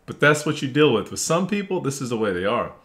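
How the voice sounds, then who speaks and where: A man's voice: medium pitch, quick pace. Man venting in a casual monologue. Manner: animated, mimics others in quoted voices, swears; frustrated and blunt when venting. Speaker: vlogger.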